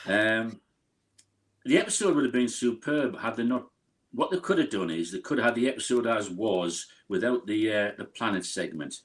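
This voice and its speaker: A man's voice: fairly low pitch, expressive, moderate pace. A man on a podcast panel giving blunt, opinionated views in casual chat.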